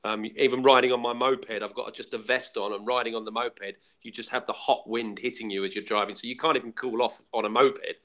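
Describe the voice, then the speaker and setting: A British man on an online call from his living room, easygoing and chatty, and he admits he talks quickly. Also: medium pitch, steady tone, fairly bright tone. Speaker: panel guest. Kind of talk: casual group call chat. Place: living room at home, fan running.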